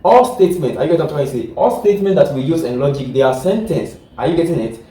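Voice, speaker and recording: A man's voice: on the high side, expressive, fast, mellow. A man teaching a logic lesson, repeating himself and often checking whether the students follow. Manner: repetitive, keeps checking understanding. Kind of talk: classroom lesson explaining logic. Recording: echoey room, mic at a distance, faint ambience.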